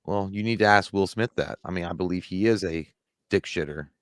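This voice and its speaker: A man's voice: low voice, brisk, no echo. A man co-hosting a live stream, reading viewer comments aloud and answering them in a loose, profane, rambling way. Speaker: live show co-host reading chat. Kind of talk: casual live-stream chat.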